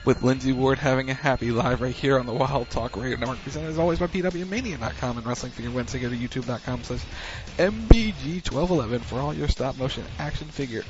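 A man hosting a wrestling recap show on internet radio, chatting casually and rambling with lots of fillers. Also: medium pitch. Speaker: wrestling podcast host. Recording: muffled lo-fi radio stream.

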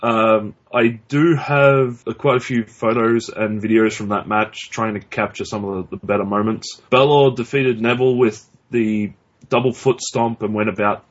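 A man's voice: fairly low pitch, fairly even intonation, normal speed. A man co-hosting a podcast in casual chat, blunt and profane, rambling with restarts. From Australia. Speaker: podcast co-host. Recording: dull lo-fi recording.

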